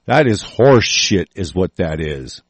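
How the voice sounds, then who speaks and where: A man with a gravelly, rough voice rants angrily, swearing constantly and breaking off to restart his thoughts. His delivery is dry and close, with no room sound around it. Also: sits low, big pitch swings, slow pace, no room sound. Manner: angry, profane, rambling with restarts. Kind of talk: profane ranting commentary.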